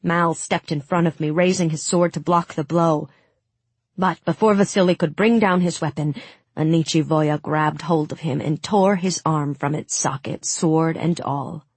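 A woman narrating a fantasy audiobook in the first person, with steady, dramatic storytelling on a close studio mic. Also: deep voice, measured pace, slightly rough, no echo.

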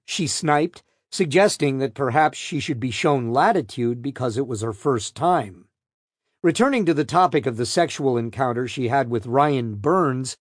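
Lively male narrator of a true crime book. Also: medium pitch, dry recording, studio quality. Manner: pointed, probing questioning voice. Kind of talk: first-person true crime audiobook narration.

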